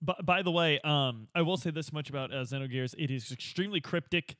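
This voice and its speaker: A man co-hosting a casual comedic chat, chiming in with quick quips and laughter. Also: on the high side, a bit bright, no room sound. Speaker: podcast co-host.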